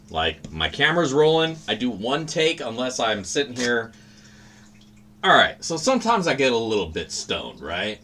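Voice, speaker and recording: A man's voice: mid-range voice, pushed and bright, slight background noise. A man hosting a livestream, chatting casually in a rambling, profane, laid-back way. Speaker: livestream host.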